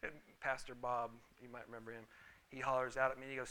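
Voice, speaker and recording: A man's voice: mid-range voice, fairly even intonation, a little fast, bright, forceful tone, rough recording. A middle-aged man pastor giving a conversational sermon, telling personal stories and calling for amens. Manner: conversational, storytelling, calls for amens.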